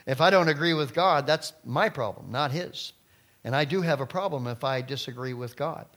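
A middle-aged man preaching a sermon as pastor, emphatic, with loud stressed phrases and quiet low asides. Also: moderate pace.

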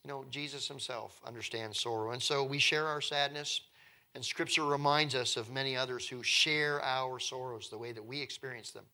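Bright-voiced man preaching earnestly. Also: medium pitch, fairly even intonation, moderate pace. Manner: earnest, conversational preaching with emphatic repetition. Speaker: pastor. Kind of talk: sermon.

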